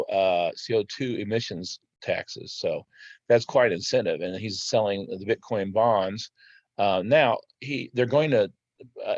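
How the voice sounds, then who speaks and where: A man with a lowish voice gives casual commentary over slides for his crypto channel. He talks in a halting way, often stopping, restarting and filling gaps with "uh". The sound is dry and a little dull, like a modest home mic. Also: a little mellow, no room sound. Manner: halting, with many "uh" fillers and restarts. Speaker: crypto video host.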